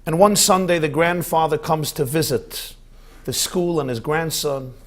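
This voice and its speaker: Brief: male rabbi lecturer, slightly high voice, lively storytelling. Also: unhurried. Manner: expressive storyteller. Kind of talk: lecture with anecdotes.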